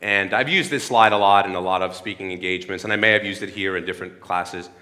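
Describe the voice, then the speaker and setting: A man's voice: deep voice, fairly even intonation, fast, pushed and bright, long reverb tail. A man in his thirties giving an earnest sermon-like talk at a church. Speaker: speaker at a church. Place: church hall.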